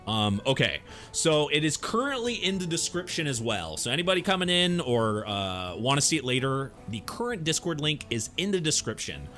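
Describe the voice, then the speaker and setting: Young guy streaming, reading a webcomic and chatting to viewers, bright lively voice, faint music behind. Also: on the high side, normal speed, hardly any pauses. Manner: reads comic dialogue aloud, then chats loosely with viewers. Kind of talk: casual live-stream read-through.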